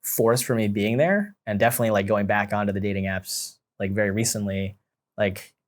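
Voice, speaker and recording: Low-voiced man, candid and reflective. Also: brisk. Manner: searching, open and confessional. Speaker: podcast co-host. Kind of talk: reflective casual conversation.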